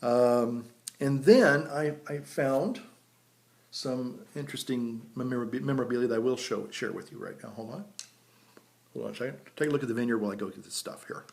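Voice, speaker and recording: Brief: man in his fifties, a priest who rambles through folksy stories and chuckles at himself, medium-pitched voice, outdoors by a vineyard. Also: a little fast, creaky, a little mellow. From United States. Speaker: priest and pipe vlogger. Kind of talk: casual storytelling vlog.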